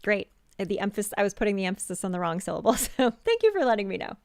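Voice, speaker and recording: A woman's voice: medium pitch, sing-song, very fast, dry recording, studio quality. A woman hosting a live stream, chatting casually about her handmade jewelry with many fillers and restarts. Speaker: jewelry designer hosting a live sales show.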